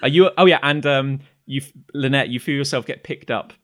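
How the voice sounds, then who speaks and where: A man narrating a tabletop game as game master, in a casual, halting way with many fillers. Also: medium pitch, a bit bright.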